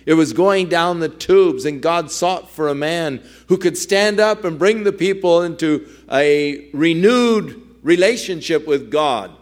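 A man's voice: fairly high pitch, unhurried, few pauses. A male pastor preaching a sermon, telling a story earnestly and acting out its quoted dialogue.

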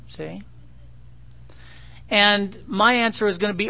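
A man's voice: high voice, moderate pace, bright, forceful tone. A middle-aged man preaching a sermon in a conversational, joking way, acting out his own dialogue with God. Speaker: pastor.

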